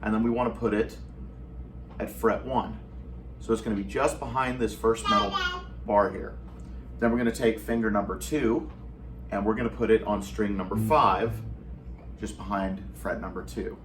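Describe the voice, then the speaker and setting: A man's voice: lowish voice, steady tone, normal speed, pauses often, slight background noise. A man teaching a guitar lesson, patiently walking through chord shapes step by step and counting beats aloud. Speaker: guitar instructor. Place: at home. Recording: distant mic with guitar playing.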